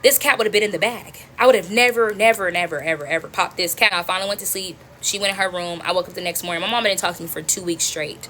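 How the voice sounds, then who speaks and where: Young woman storyteller, quick and bright, slangy and profane. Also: fairly low pitch, slight background noise. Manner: animated, slangy, profane, addresses viewers as y'all. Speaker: storytime vlogger. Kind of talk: casual storytelling to viewers.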